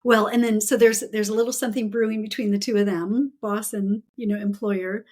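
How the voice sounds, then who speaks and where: A woman's voice: medium pitch, steady tone, a little fast, a little mellow. A woman author as a podcast guest, telling stories with enthusiasm and frequent laughter in casual chat. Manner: enthusiastic storytelling, laughs often.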